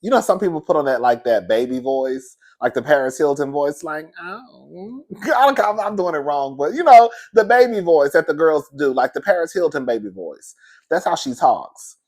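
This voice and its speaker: A man's voice: fairly high pitch, lively intonation, a little fast, a little mellow. A man hosting a celebrity gossip show, talking casually and chattily, laughing a lot and calling listeners girl and baby.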